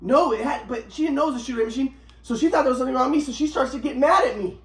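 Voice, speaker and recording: A vlogger talks fast in a very high-pitched voice, recorded in an echoey room. Telling his own story, he's agitated and profane, repeatedly restarting and repeating what he says.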